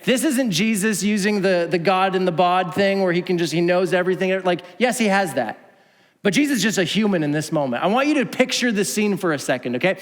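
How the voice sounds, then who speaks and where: A man with a notably high voice delivers a sermon in a church auditorium. He tells the story in an animated way, acting out each speaker and dropping from full volume to a hush. The long reverb of the hall trails after every phrase. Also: fairly quick. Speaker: pastor.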